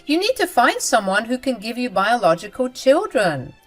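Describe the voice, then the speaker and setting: A woman's voice: on the high side, big pitch swings, normal speed, faint music behind, poor audio. A woman voicing a cruel, smug young sister-in-law who talks down to everyone in a self-righteous way.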